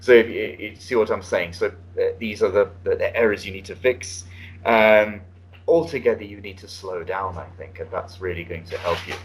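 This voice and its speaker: A man giving spoken feedback as an IELTS speaking examiner over an online call, relaxed and coaching, with many fillers and restarts. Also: lowish voice, moderate pace, rough recording. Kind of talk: spoken feedback on a mock test. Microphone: online video call.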